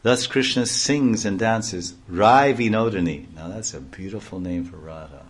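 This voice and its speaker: A man's voice: low-pitched, animated, moderate pace, slightly rough. A man giving a devotional reading aloud, breaking off into offhand comments and explanations. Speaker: reader and speaker.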